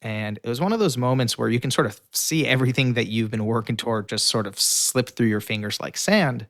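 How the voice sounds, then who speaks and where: A young man, a guest in an interview, telling a story with lively animation and acting out the lines of the people in it. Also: medium pitch, a little fast, no room sound, studio quality.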